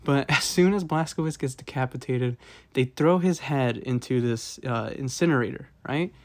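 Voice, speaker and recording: A man's voice: medium pitch, normal speed. A man rambling casually through a game review, with lots of fillers and frequent chuckles. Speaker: gaming video host.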